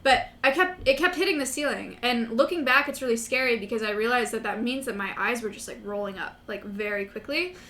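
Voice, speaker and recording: Woman co-host, excitable casual talker, high bright voice, rapid delivery. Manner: excitable, quick interjections. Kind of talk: casual chat.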